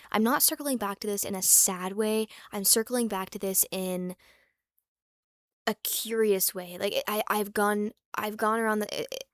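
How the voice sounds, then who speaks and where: A woman's voice: mid-range voice, clean tone, no echo, studio quality. A young woman vlogging in casual chat, rambling and candid, with lots of fillers and restarts, swearing freely and sometimes dropping to a whisper for asides.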